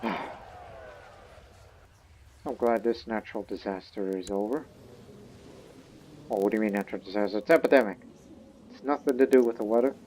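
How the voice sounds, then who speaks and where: A man's voice: lowish voice, steady tone, normal speed, pauses often, darkish tone, a little hiss or hum. A man giving casual let's-play commentary on a strategy game, playfully acting out the game's characters as he goes. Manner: role-plays the game's characters in a joking tone. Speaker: gaming YouTuber.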